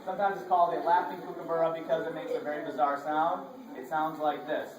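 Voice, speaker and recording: A man's voice: fairly high pitch, little pitch movement, fast, a crowd in the background. A man from Florida leading an educational show for children, coaxing them through call-and-response. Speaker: children's performer. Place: large library hall, indoors. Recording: echoey hall from far off.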